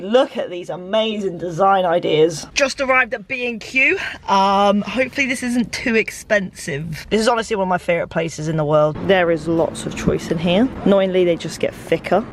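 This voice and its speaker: A young woman with an English accent chatting casually in a vlog, self-deprecating and jumping into high excited tones. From England. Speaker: vlogger.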